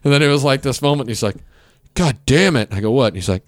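A man hosting a casual podcast chat, telling stories in a teasing, deadpan way. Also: mid-range voice, fast talker, dry recording, clean studio sound. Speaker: podcast host.

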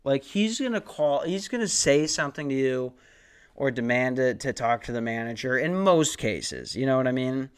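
A young man in his twenties spins a long, rambling comic story on his podcast, swearing freely and mocking himself. His voice is smooth and resonant, pitched in a middle range for a man. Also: expressive, normal speed. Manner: rambling, profane, self-mocking. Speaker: podcast host.

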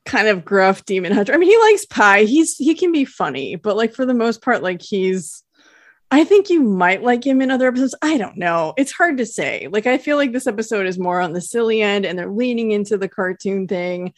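A woman's voice: mid-range voice, lively intonation, fairly quick, no echo, studio quality. Chatty woman recapping on a podcast. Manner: chatty, enthusiastic, laughs easily. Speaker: podcast co-host. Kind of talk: casual episode recap.

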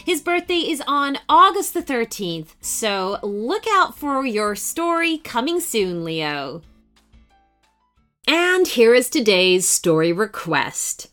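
A woman's voice: a little high, slow, faint music behind. A woman hosting a children's podcast, expressively narrating a storybook adventure. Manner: animated, expressive.

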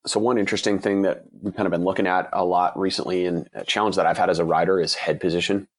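A man in his forties, an endurance cyclist, giving candid, earnest interview answers, slightly husky from a cold. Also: low voice, steady tone, fast talker. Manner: earnest, candid, with frequent restarts.

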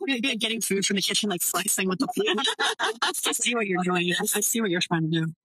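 A woman's voice: medium pitch, animated, a little fast, fairly bright tone, breathy edge, no room sound, low-quality recording. A young woman talking casually as a podcast guest, chatty, with lots of fillers and laughs. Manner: chatty, many likes and laughs. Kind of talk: casual interview chat.

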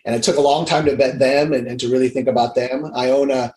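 A man's voice: medium pitch, steady tone, fast talker, a little mellow. A man from Hawaii, a guest on an interview show, talking casually and with energy, acting out the dialogue he quotes. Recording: roomy echo.

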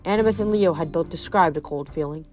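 A woman's voice: lowish voice, fast talker, a little mellow, faint music behind. A young woman reading a novel aloud, then chatting casually about it with fillers. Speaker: reader.

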